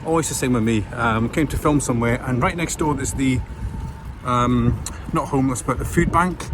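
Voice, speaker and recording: A Scottish travel vlogger narrates a casual walking vlog through rainy town streets and a station, his mid-range voice moving at normal speed. He's chatty and rambling, full of fillers, and the outdoor recording picks up clear street noise.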